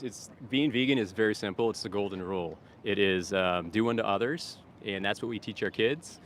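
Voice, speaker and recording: A blunt middle-aged man with a low voice rants to his livestream viewers from a street, swearing freely. He calls out loudly and brightly to people passing by. Faint traffic noise hums behind him outdoors. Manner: calls out to passersby in a loud upbeat voice. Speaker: vegan street activist livestreaming. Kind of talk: casual livestream talk to viewers.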